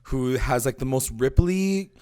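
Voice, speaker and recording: A man's voice: medium pitch, measured pace, darkish tone, clear, resonant tone. Casual profane male podcast co-host. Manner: loose, profane, acts out characters' lines. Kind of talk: casual recap chat.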